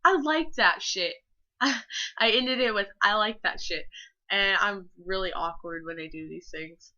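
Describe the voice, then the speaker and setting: A woman's voice: mid-range voice, fairly even intonation, unhurried, sharp tone, dull audio. A teenage girl chatting casually to her viewers in a rambling, gushing way, full of filler words and the odd swear word. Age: teens. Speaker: vlogger. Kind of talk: casual chat.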